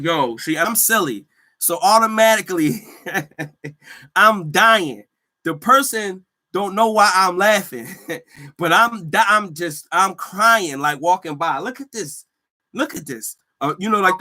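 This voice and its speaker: A man hosting a casual solo podcast, telling stories in animated slang and laughing often. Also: high voice. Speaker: podcast host; healthcare worker.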